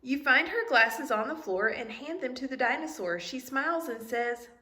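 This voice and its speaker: A woman teacher reading a picture book aloud to young students, asking them questions in an animated, sing-song way. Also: sits high, normal speed, reverberant.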